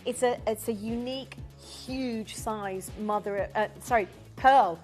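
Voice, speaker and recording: A woman presenting on a live shopping channel, pitching jewellery with eager, persuasive flow. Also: a little mellow, faint music behind. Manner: enthusiastic, persuasive, fast-flowing.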